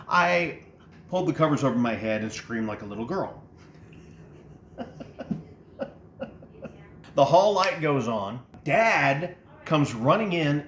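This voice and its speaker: A middle-aged man from Texas telling comic stories from his childhood, animated and laughing as he acts out moments. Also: a little high, slight background noise. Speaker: storyteller. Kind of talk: comic personal storytelling. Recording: roomy sound with faint music.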